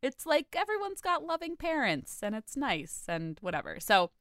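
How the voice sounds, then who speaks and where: A woman co-hosting a podcast, chatting casually in an animated, gushing way, full of filler words. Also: sits high, normal speed, no echo, studio quality. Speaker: podcast co-host. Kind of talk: casual chat.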